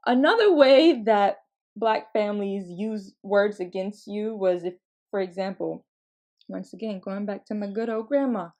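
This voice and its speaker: A podcast host, a woman in her twenties, tells funny stories in a loose, animated style, laughing and cursing freely. Her mid-range voice moves at an unhurried pace.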